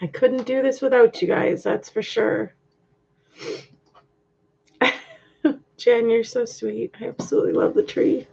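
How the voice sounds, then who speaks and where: Over dull lo-fi webcam audio, a woman live-streams from home while decorating, reading the chat, thanking viewers and laughing often. Her highish voice is a little slow, slightly mellow and slightly rough, with vocal fry and long pauses.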